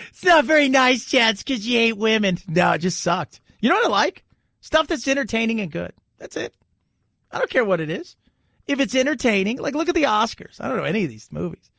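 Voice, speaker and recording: A man's voice: sits high, vocal fry, a bit bright, no room sound, studio quality. A man hosting a talk radio show, chatty and opinionated, joking as he goes.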